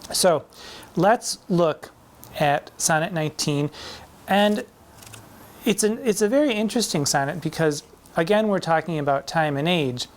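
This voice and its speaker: A man's voice: fairly high pitch, animated. Man in drag hosting a poetry lesson: playful, theatrical, leans hard on the verse. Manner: playful, theatrical, recites verse slowly and emphatically. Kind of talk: campy poetry lecture with recitation.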